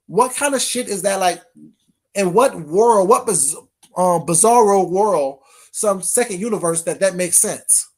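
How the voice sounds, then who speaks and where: A male vlogger in a casual rant, sassy and animated. He keeps circling back with rhetorical questions and loose, rambling asides. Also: high-pitched, unhurried.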